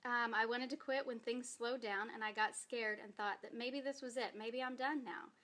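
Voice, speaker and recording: A woman's voice: fairly high pitch, steady tone, normal speed, bright, forceful tone. Earnest, emotional woman with a raised voice. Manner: earnest, emotional, talking through tears; reads aloud from her own post. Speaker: direct sales distributor. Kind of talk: personal testimony vlog.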